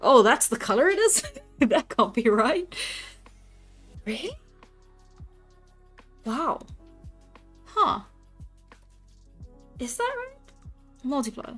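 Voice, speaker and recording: Her voice sits high and a bit bright yet husky, swinging widely in pitch as she talks slowly with long pauses. A young woman livestreaming her drawing, she chats casually with viewers, giggles and laughs a lot, and often restarts, while faint music plays behind her.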